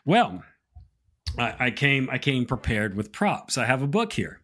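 A man hosting a live stream, speaking in an earnest, reflective way as he reads viewer comments aloud. His voice sits at an ordinary middle pitch, and his delivery is unhurried casual chat. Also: very animated, a bit bright. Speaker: co-host of a faith reaction stream.

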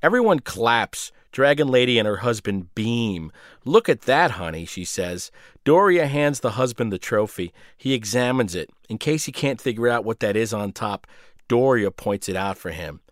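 A male radio host reading his own short story in a sardonic, deadpan way. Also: medium pitch, moderate pace, no echo, clean studio sound.

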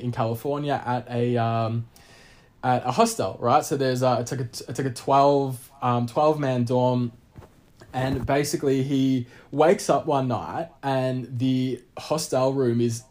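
A man spinning a travel yarn in a casual chat. He rambles, restarts and stacks filler words as he goes, at a middle pitch that keeps jumping up when he gets animated. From Australia. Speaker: guest storyteller.

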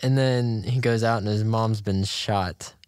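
A man's voice: fairly low pitch, measured pace, smooth, no echo. Chatty man telling stories, dry sound. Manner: animated storyteller, laughs often. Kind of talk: casual chat.

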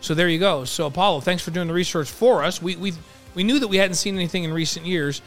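Chatty man with a higher voice. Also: quick pace, a bit bright, soft background music. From New York. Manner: repeats words, many restarts. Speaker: podcast co-host. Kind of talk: casual sports chat.

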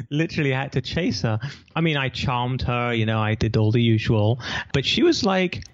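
A man's voice: mid-range voice, steady tone, moderate pace, dull audio. A man, a podcast guest telling stories animatedly and laughing often. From England. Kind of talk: casual storytelling interview.

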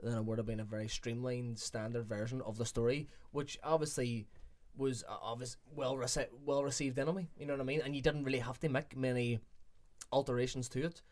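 A man's voice: medium pitch, steady tone, fairly quick, a little mellow. Man, casual film chat, mid-range voice, rambling, self-correcting. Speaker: podcast co-host.

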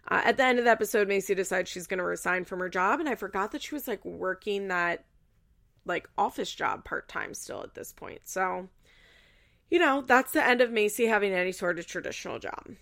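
A woman's voice: mid-range voice, expressive, a little fast, gravelly, a bit bright. A woman host chatting casually in a recap, chatty and loose with fillers and the odd swear word.

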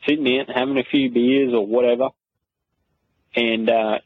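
A man's voice: mid-range voice, steady tone, moderate pace. A man with an Australian accent leaves a matter-of-fact voice message for a podcast. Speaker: listener sending a voice message. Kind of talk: recorded voice message. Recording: tinny phone recording.

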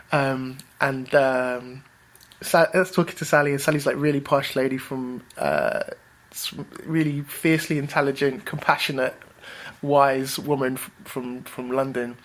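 A man, a rapper and writer, telling stories in a relaxed interview, animated and bouncy, acting out other people's voices. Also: medium pitch, normal speed. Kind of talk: casual interview storytelling.

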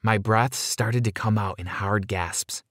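Low-voiced man narrating a dramatic story. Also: fairly even intonation, a little slow, a bit bright, dry recording, studio quality. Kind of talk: first-person story narration.

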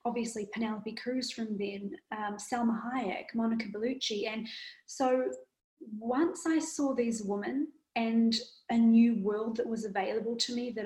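Woman guest, fashion designer, higher voice, lively storyteller, roomy echo. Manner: animated storytelling, quick bursts. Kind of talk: casual interview. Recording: echoey room.

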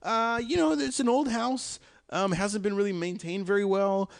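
A man's voice: sits high, moderate pace, vocal fry. A young man co-hosting a comedy podcast, joking around in a rambling way with lots of restarts. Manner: animated, jokey, rambling with restarts. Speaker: podcast co-host. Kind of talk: comedic casual chat.

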